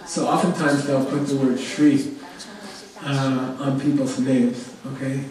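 A man teaching a class on a Buddhist text, explaining terms slowly and checking in with "okay?" again and again. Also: medium pitch, flat delivery, darkish tone. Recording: echoey hall, distant mic. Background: audience of students.

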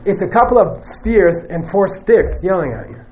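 A man's voice: high-pitched, lively intonation, moderate pace, darkish tone, muffled recording. A man giving a Buddhist teaching to a live audience, conversational and joking, who often stops to check in with "okay?" and "you know". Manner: joking, emphatic asides.

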